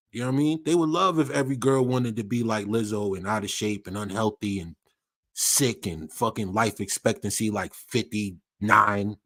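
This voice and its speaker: A man hosting a livestream, ranting in casual slang with lots of swearing and repetition. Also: lowish voice. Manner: profane, animated, repetitive slang-heavy ranting. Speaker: livestream host.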